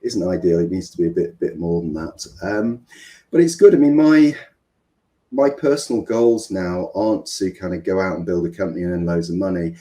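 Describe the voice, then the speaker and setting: Male, middle-aged, Mancunian, deep voice, warm tone, hesitant interview guest. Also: normal speed. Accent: Mancunian English. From England. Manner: rambling, hesitant, many ums and restarts. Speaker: business coach, guest. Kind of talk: interview conversation.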